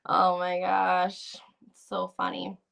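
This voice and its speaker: A woman hosts a casual gossip livestream and reads out viewer comments as she goes. Her talk is animated and opinionated, with plenty of "like"s and restarts. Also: fairly low pitch, slow, creaky.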